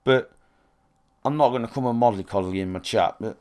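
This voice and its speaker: A blunt, sweary game streamer from England chats casually to his live stream, alone in his own room, rambling with restarts and fillers. His medium-pitched male voice is a little fast, darkish, clear and resonant.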